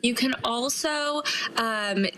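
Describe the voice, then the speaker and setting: A woman's voice: a little high, slow, bright, forceful tone, a little hiss or hum, poor audio. A woman appearing as a TV guest and recommending products in a friendly, chatty way with some fillers.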